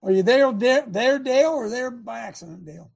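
Man, pastor-host, husky, sarcastic, shouting bursts. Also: very high-pitched, expressive, fairly quick. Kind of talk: preaching radio talk.

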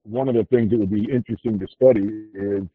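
A man's voice: lowish voice, steady tone, fast talker. A man calling in to a talk show, speaking earnestly and with emphasis. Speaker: caller. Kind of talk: casual chat. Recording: husky, tinny phone line.

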